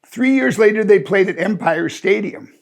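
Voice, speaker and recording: A man's voice: sits high, expressive, moderate pace, gravelly. A man in his sixties telling an amused, rambling personal anecdote in a chatty way. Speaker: storyteller. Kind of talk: casual anecdote.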